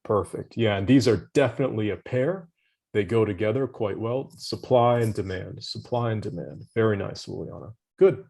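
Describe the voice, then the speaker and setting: A man's voice: lowish voice, moderate pace, gravelly, darkish tone. Encouraging male English tutor. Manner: encouraging, gives hints and praise. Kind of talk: online vocabulary lesson.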